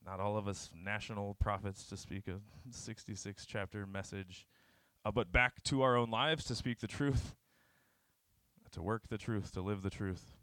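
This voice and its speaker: Young man, informal sermon, low voice, dry close sound, earnest, loud bursts then hushed. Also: no room sound. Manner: casual and earnest, with sudden shouted bursts between low, quiet passages. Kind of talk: informal sermon retelling scripture.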